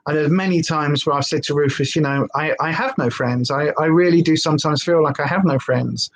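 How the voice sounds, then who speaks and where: A woman's voice: low voice, fairly quick, a little hiss or hum. A woman vlogger rambling candidly in a casual live-stream chat.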